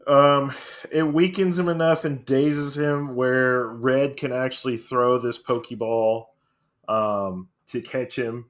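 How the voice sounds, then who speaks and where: A man co-hosting a podcast, talking in a relaxed, thoughtful way about a comic. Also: mid-range voice, takes it slowly. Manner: relaxed, thoughtful, laughs easily. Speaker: podcast co-host. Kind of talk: casual chat about a comic.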